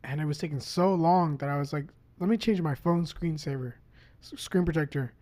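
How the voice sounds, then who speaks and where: Animated, profane man telling a story. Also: a little high, fairly quick. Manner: animated, profane, acts out what people said. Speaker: podcast guest. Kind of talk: casual podcast storytelling.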